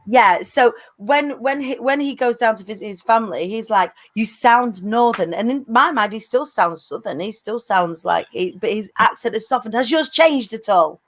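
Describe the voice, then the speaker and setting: A woman with a strong northern English accent hosts a casual interview in a fairly high voice. She is chatty and thinks aloud, restarting her sentences as she goes. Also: lively intonation, moderate pace, hardly any pauses, fairly bright tone. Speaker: podcast host.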